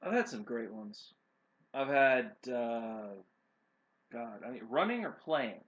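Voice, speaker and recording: A man's voice: mid-range voice, very animated, slow, fairly bright tone. A man co-hosting a casual chat, talking in an easygoing, enthusiastic way. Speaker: co-owner of a role-playing stream. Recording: dull lo-fi stream audio.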